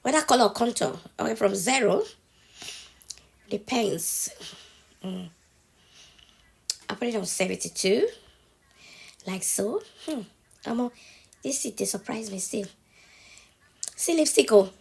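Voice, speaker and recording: She talks a little slowly in a mid-range, creaky, husky voice, pausing often. The speaker is a TikTok tutorial creator with a cold, chatting through a step-by-step phone tutorial at home and checking in with viewers after every step.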